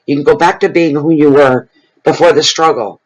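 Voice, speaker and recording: A man's voice: a little high, moderate pace, muffled recording. A middle-aged man giving a general tarot reading to camera, talking frankly and bluntly in a loose, conversational way. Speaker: tarot reader.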